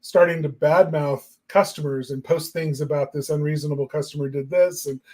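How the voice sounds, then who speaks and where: A man's voice: on the high side, fairly even intonation, a little fast, a little mellow. A man co-hosting a marketing talk show, musing in casual chat with lots of fillers. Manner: reflective and rambling, many fillers.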